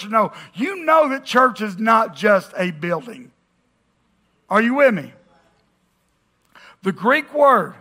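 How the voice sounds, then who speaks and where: Pastor, male, high bright voice, chatty sermon delivery with jokes and call-and-response. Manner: conversational preaching with jokes and audience call-outs. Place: church auditorium with congregation.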